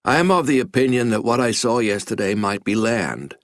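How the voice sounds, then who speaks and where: A man's voice: mid-range voice, lively intonation, brisk, dry recording, studio quality, close to an everyday voice. A man voicing a proud male ship's lieutenant who speaks in a stiff, formal way. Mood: defiant.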